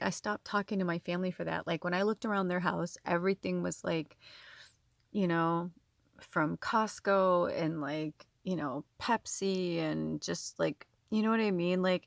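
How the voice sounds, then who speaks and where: Chatty woman with a low, dry voice. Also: vocal fry, no echo. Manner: chatty, full of "like" and quoted dialogue, emotional, near tears. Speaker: tarot reader and spiritual medium. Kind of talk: casual storytelling to camera.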